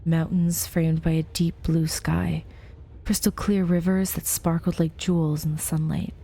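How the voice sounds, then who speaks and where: A woman's voice: low voice, level tone, a little slow, gravelly, dark tone, husky. A young woman playing a story game, reading its text aloud with chatty, giggly asides. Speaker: let's play host.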